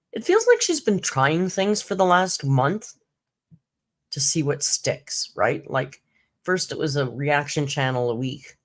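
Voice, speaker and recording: Deep-voiced and very animated, a woman speaks at normal speed while hosting a relaxed live-stream chat for her YouTube commentary channel. She spins chatty stories, laughs frequently, and voices other people's lines.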